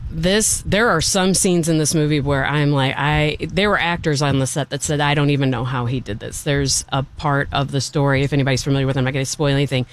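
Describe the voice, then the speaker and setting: A man's voice: on the high side, clear, resonant tone. A man reviewing a film in casual chat, enthusiastic and rambling, often restarting his sentences.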